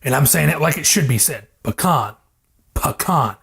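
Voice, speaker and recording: A man's voice: on the high side, quick pace, gravelly, fairly bright tone. A young man hosting a casual home cooking vlog, rambling, joking and swearing, recorded on a lavalier mic in a kitchen. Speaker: cooking vlogger. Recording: fridge hum in the background.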